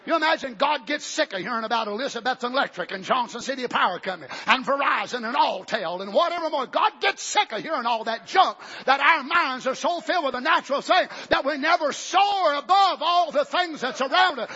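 Fiery preacher with a high, sharp voice. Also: male voice, expressive, fairly quick, hardly any pauses, in a large hall. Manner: bursts into shouts, then drops low and conversational. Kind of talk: fiery revival sermon. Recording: dull lo-fi recording.

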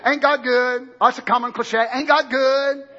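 Male preacher, very high, husky voice, swings from whisper to shout, dull lo-fi church recording. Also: fairly even intonation, unhurried. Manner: swings from low murmurs to loud shouted preaching. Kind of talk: sermon.

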